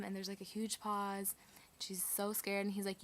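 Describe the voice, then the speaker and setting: A woman tells a personal story in a loose, chatty manner, her sentences tumbling out with plenty of "like" and "um." Her pitch sits at a typical middle height for a woman, and she keeps a level tone at a normal speed.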